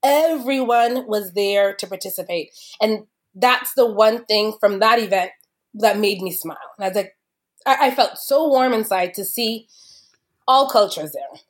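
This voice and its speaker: A woman's voice: medium pitch, unhurried. A woman, a wine expert guest, talking in a chatty, explanatory way with many fillers. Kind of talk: casual podcast conversation.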